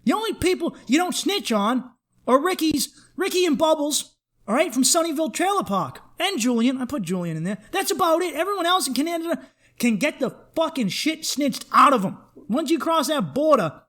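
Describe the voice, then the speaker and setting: A man's voice: very high-pitched, very animated, normal speed, pushed and bright. A man hosting a comedy podcast, ranting in a worked-up, profane, emphatic way.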